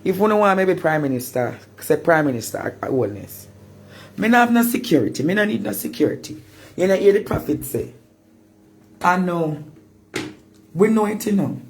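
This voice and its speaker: A man from Jamaica with a Jamaican accent, ranting animatedly on a live stream, repeating words and bursting into shouts. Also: high voice, very animated, normal speed, long pauses. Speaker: social media personality.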